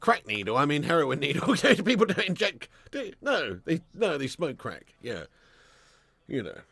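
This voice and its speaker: Gravelly man bantering on a live stream. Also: a little high, wildly swooping pitch, normal speed, a bit bright, dry recording. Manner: chatty banter reading out viewer comments, swears and laughs often. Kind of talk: casual live watch-along chat.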